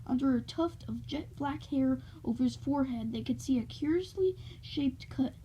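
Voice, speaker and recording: A woman reading a storybook aloud with steady, gentle pacing. Her voice sits high, yet it sounds mellow and dark with a breathy edge. The recording is a little dull and lo-fi. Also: moderate pace, a little hiss or hum. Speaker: narrator reading a novel aloud.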